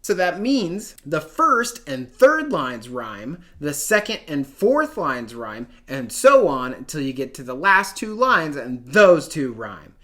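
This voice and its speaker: A man's voice: a little high, sing-song, slow pace, hardly any pauses, a bit bright. A man teaching an online class in a jokey, slangy way, sometimes chanting words in a sing-song rhythm. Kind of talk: playful online lesson.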